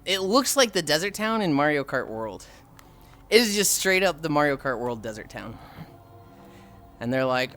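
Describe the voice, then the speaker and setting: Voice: medium pitch, a bit bright. Sighing streamer talking while walking. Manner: exasperated, sighing often, reading and answering chat. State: tired from a long walk. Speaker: livestreamer chatting with viewers. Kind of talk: casual live-stream chat.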